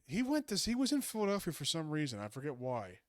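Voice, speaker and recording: A man co-hosting a casual podcast, rambling through profane, animated stories and talking over his co-host. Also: on the high side, fast, no room sound, clean studio sound.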